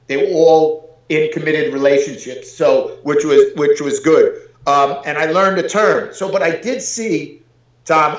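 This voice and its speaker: A man, telling a long joking story as an interview guest, full of "I says". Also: a little high. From New York City. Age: 40s. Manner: rambling, joking, says "I says" a lot. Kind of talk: casual storytelling. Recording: roomy, dull lo-fi audio.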